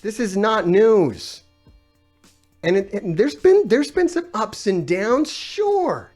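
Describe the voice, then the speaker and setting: A man's voice: sits high, expressive, slow, a little mellow, soft background music. A man ranting on a gaming live stream, exasperated and sarcastic, swearing often while he reads out comments.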